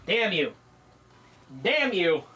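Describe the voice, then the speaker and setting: A man's voice: sits high, sing-song, drawn-out words, pushed and bright, a little hiss or hum. Chatty man streaming a game. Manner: chatty, rambling, swears freely, laughs easily. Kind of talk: casual gaming livestream commentary.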